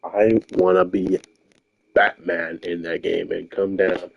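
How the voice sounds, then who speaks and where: A young man talking quietly to himself while streaming a game late at night in his quiet home. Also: low voice, very animated, slow, gravelly, lo-fi sound, slight background noise. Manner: quiet, rambling, self-talking. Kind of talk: casual late-night gameplay stream chat. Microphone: controller or headset mic held close.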